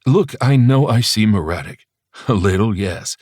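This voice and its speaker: A man's voice: fairly low pitch, lively intonation, normal speed, darkish tone, slightly rough, no echo, clean studio sound. A man doing an erratic grieving teacher. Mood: flustered. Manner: clipped, testy, demanding.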